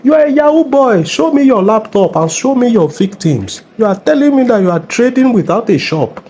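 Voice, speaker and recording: A man's voice: extremely high pitch, big pitch swings, moderate pace, mellow, slight background noise. A man playing a mocking Nigerian cop. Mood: scolding. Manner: scolding, mocking, bossy. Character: bullying middle-aged male traffic cop. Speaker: police officer character in a comedy skit.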